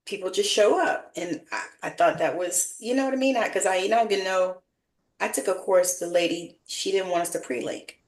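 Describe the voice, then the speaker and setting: A woman hosting a casual interview chat, agreeable and quick to chime in with her own experiences. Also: mid-range voice. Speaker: host. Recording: echoey room.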